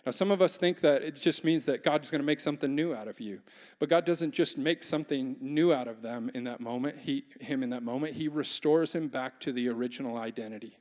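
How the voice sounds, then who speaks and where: A man's voice: mid-range voice, brisk, darkish tone. A young adult man preaching a casual, humorous sermon as a pastor, often asking the congregation questions. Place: large church hall. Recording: long church reverb.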